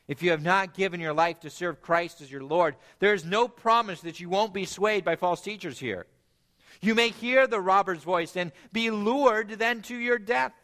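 A man preaching a sermon, earnest, climbing to emphatic peaks and then dropping low and quiet.

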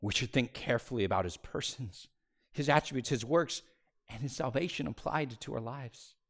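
Male pastor preaching with dramatic swings. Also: animated. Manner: dramatic swings from loud and high to hushed, near-whispered phrases; slows down on key words for emphasis. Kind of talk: sermon.

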